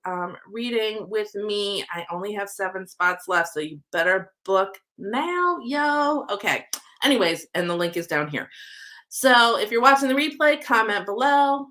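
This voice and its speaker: A woman's voice: mid-range voice, expressive, normal speed, a bit bright. A woman doing a live-streamed oracle card reading, chatty, affectionate and upbeat, her nose stuffy from a cold.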